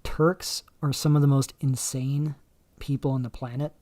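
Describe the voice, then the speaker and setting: A man hosting a livestream, talking in a rambling, halting way with many fillers and restarts. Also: mid-range voice, flat delivery, mellow, no room sound. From Canada. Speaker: livestream host. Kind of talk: casual livestream commentary.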